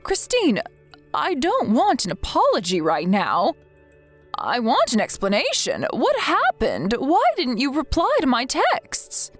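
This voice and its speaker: A woman's voice: high voice, huge pitch swings, a little slow, heavily acted. A woman reading the lines of a worried mother-in-law who scolds her son, in a scripted text-message story. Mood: concerned. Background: faint background music.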